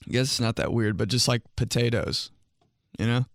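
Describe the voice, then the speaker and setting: A man's voice: mid-range voice, steady tone, brisk, no room sound, clean studio sound. A young man hosting a podcast, telling comic stories in a casual monologue, laughing often and mimicking voices. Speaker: podcast host.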